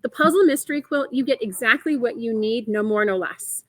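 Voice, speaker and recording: A woman hosts a live quilting shop show, chatty and enthusiastic as she explains the program and responds to viewers in the chat in an upbeat product presentation. Her voice is slightly high and a little fast. The low-quality recording has no room sound.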